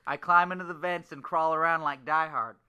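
A man's voice: on the high side, steady tone, brisk, bright, forceful tone, clean tone. A man playing a dim-witted, rambling caller in an improvised comedy phone bit. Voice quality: goofy and rambling.

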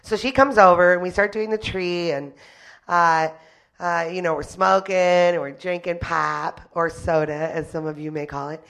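Gravelly-voiced woman. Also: lowish voice, fairly even intonation, moderate pace, a bit bright. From Detroit. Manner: chatty, rambling. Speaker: storyteller. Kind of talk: personal story told to an audience.

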